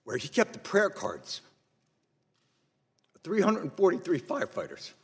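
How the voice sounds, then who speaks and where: A man's voice: high-pitched, wildly swooping pitch, a little slow, slightly rough. Angry man testifying in an echoing hall. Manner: angry, blunt, rising to forceful emphasis. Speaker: witness testifying before Congress. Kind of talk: impassioned public testimony. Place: large hearing room. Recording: long reverb of a large hall.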